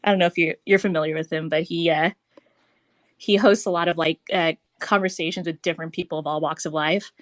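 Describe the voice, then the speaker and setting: A woman's voice: deep voice, fairly even intonation, a little fast, dry recording. A young woman hosting a casual live audio chat show. She giggles a lot and swears freely. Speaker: podcast host.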